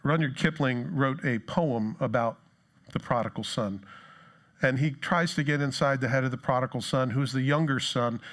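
A man preaching a sermon in a church, animated, acting out the voices of people in the story. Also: medium pitch, moderate pace. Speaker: pastor.

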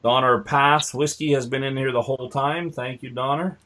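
Bright-voiced guy hosting a live chat, jokey, reads out comments. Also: mid-range voice, steady tone, normal speed. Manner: joking, reads viewer comments aloud. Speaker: host. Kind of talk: casual chat.

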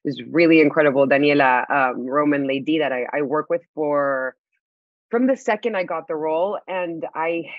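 A woman guest in a casual interview, talking in an animated way, laughing often and restarting her sentences. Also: sits low, no echo, highs cut off. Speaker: actress guest.

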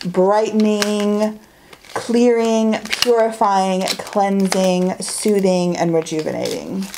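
A woman chatting excitedly through a beauty haul, gushing and saying "like" and "y'all" a lot. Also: medium pitch, slight background noise. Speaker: beauty vlogger. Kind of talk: casual haul chat.

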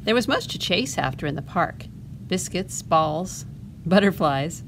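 A woman librarian reading a picture book aloud to children, pausing for gentle explaining asides. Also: on the low side, lively intonation, slight background noise. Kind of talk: storytime read-aloud.

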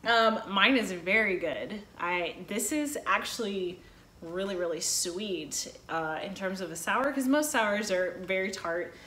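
A woman's voice: mid-range voice, measured pace, sharp tone. A woman from Texas with a Southern accent, hosting a casual chat in a chatty, playful way. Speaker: host. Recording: echoey room with faint noise.

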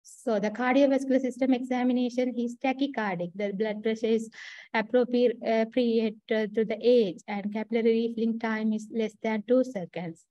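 A woman's voice: fairly high pitch, fairly even intonation, moderate pace, mellow, dry recording, muffled recording. A woman with a Sri Lankan accent giving a clinical case presentation, hesitant with many fillers and restarts. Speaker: trainee doctor presenting a case.

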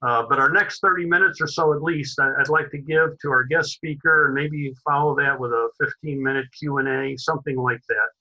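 A man hosting an online society meeting, speaking haltingly with many fillers and restarts. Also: medium pitch, steady tone, bright, forceful tone, highs cut off. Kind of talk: hesitant introductory remarks.

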